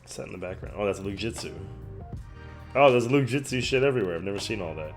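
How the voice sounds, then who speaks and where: A man hosting a reaction video, talking casually and excitedly, gushing and swearing a lot. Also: lowish voice, quick pace, soft background music.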